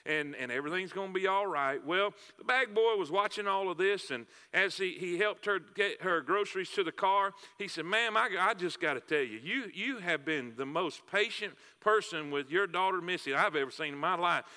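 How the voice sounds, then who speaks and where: Bright-toned pastor preaching. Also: male voice, high-pitched, normal speed, few pauses. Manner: folksy storytelling with repetitions and fillers. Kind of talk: sermon. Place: church sanctuary. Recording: long hall reverb.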